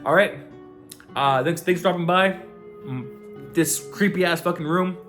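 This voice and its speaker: A man's voice: a little high, measured pace, fairly bright tone, faint music behind. A man putting on a brash, breezy elf woman. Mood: airy, dismissive. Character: brash, flustered elf woman with huge magic.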